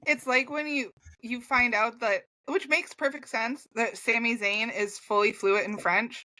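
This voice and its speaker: Bright-voiced chatty woman. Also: on the high side, steady tone, a little slow. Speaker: podcast co-host. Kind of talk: casual sports chat.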